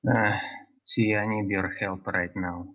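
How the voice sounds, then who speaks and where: A man playing a caller who pleads for help to leave his poor country, speaking halting broken English. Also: lowish voice, steady tone, sharp tone, heavily acted. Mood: pleading. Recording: dull lo-fi call audio.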